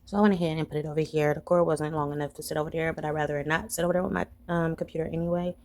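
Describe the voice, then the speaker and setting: A young adult woman, chatting casually to camera at home as a vlogger and telling stories in a lively way. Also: low voice, rapid-fire, poor audio. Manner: chatty storytelling, animated when retelling. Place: home, indoors.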